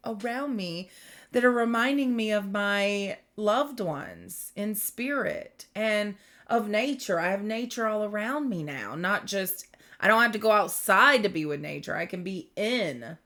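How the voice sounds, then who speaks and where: A middle-aged woman giving a rambling spiritual tarot reading, gentle and full of fillers and restarts. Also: mid-range voice. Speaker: tarot reader.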